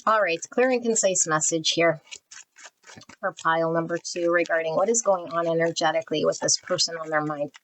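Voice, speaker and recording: A woman giving a casual, rambling tarot card reading, often restarting phrases and sometimes shifting into a soft prayerful tone when calling on spirit. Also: low-pitched, fairly quick, a little hiss or hum. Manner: chatty, repeats and restarts phrases, intuitive rambling. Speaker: tarot reader.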